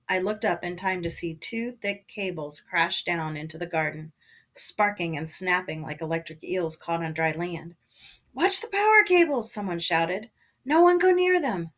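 A woman reading a children's novel aloud to her listeners, narrating with expression and voicing the characters. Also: on the low side. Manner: casual chat before reading, then expressive narration with voiced characters.

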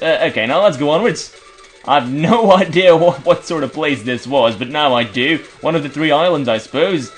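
A young man from Belgium narrates a video game in casual commentary, quick to swear when things go wrong. His voice jumps up and down in pitch, a bit on the high side, and soft game music plays underneath. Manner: frustrated, swearing, reads game text aloud in silly voices. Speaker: let's play commentator.

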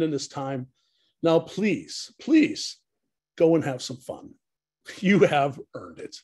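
A man's voice: on the high side, darkish tone. A man, a pastor, giving a heartfelt tribute speech with humorous storytelling.

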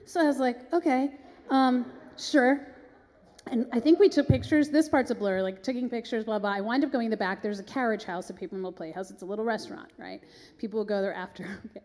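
A woman telling a long, animated backstage story on stage, chatty and breathless, often acting out the other voices. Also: medium pitch, quick pace. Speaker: guest performer. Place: synagogue hall. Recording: echoey hall, long reverb.

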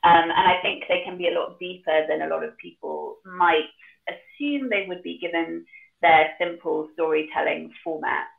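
Gravelly-voiced woman on an echoey call. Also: on the low side, normal speed. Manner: chatty, animated. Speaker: author and guest. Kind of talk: casual chat and reading aloud. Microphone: video call. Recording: echoey, tinny call audio.

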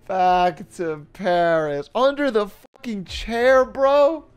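A man's voice: high voice, slow, few pauses, clear, resonant tone, soft background music. A young man livestreaming a video game speedrun, talking casually, laughing often, swearing, and bursting out in frustration. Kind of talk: live gameplay commentary.

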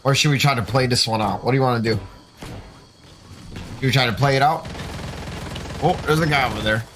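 A man's voice: medium pitch, fairly quick, fairly bright tone, slight background noise. A man streaming a game from home with his young son, in laid-back, casual chatter full of "dude". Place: home gaming setup.

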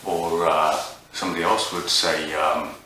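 Hesitant man from England, low and sharp-toned, rambling comic monologue, recorded from afar in a very echoey room. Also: moderate pace. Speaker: comedian. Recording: echoey room, distant mic, faint noise.

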